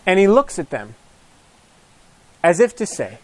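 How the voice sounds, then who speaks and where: Male preacher, high bright pitch, dry close sound, animated storyteller who drops to near whispers. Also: measured pace, dry recording. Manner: animated, acts out gospel scenes with shifting pitch and hushed lines. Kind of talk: storytelling sermon.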